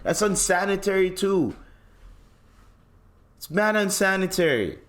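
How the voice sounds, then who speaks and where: A man's voice: sits high, lively intonation, a little slow, fairly bright tone. A young man from Toronto with a Toronto accent, hosting a podcast and ranting in a solo monologue, exasperated, profane and mocking. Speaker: podcast host.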